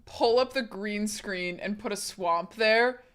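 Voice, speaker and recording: A young woman streaming live, chatting casually in a giggly, chaotic way with loud outbursts. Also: medium pitch, takes it slowly, noisy background.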